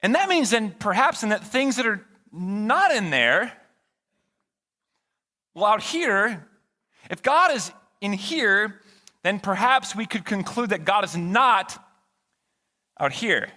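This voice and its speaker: Guy pastor giving a chatty sermon, bouncy pitch, kinda high voice, big churchy reverb. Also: slow pace, pauses often. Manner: animated, conversational, jokes with the congregation. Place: church sanctuary.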